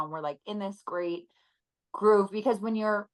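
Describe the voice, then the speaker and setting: A woman in her thirties, a guest on an interview podcast, talking earnestly and reflectively, with soft laughs now and then. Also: mid-range voice, lively intonation, normal speed, poor audio. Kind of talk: conversational interview.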